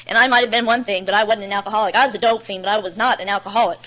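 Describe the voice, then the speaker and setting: A blunt, bright-voiced woman gives her personal testimony at a recovery meeting, talking very fast in a mid-range voice with fairly even intonation. She's candid and plain-spoken, rambling through her story with many "you know"s, and the recording quality is low.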